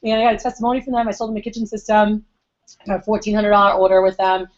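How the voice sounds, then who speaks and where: Young woman, rapid chatty sales trainer, a bit high, dull lo-fi meeting recording. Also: level tone. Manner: chatty, acts out customer quotes. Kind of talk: storytelling sales training talk. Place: meeting room.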